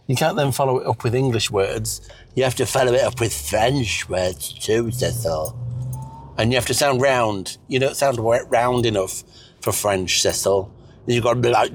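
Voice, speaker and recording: A man's voice: mid-range voice, a little hiss or hum. A man voicing an elderly, foul-mouthed, bossy wife who nags and mocks in a crude, sarcastic way.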